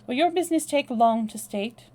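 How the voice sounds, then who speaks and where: A woman reading aloud, voicing a cowardly, scheming Russian man who turns shrill when threatened. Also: expressive, normal speed, warm tone, lightly acted. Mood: smooth, formal. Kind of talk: read-aloud novel dialogue.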